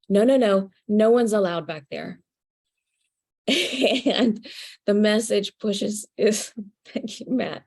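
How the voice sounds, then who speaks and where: A woman telling a personal spiritual story to an audience, earnest and halting, with fillers and soft laughs. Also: fairly low pitch.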